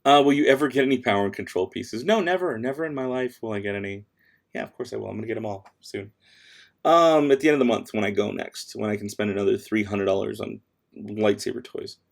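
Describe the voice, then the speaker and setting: A man with children hosts a late-night stream at home, reading viewer questions and tossing off sassy replies while he does other tasks. He talks at a quick pace in a lowish, creaky voice.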